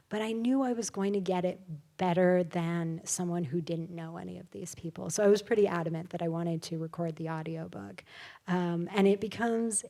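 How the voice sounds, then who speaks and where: A woman, an author guest at a live event, telling stories in a casual, animated way with many fillers. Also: lowish voice. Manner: animated, chatty, full of fillers and laughs. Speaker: author guest at a public talk. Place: live event before an audience.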